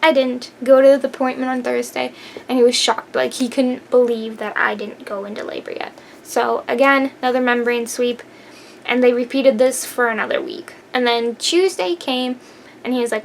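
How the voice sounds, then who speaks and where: A woman's voice: on the high side, normal speed, vocal fry, a little hiss or hum. A young woman vlogger telling a personal story in a casual, emphatic way. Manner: animated, emphatic, laughs while telling.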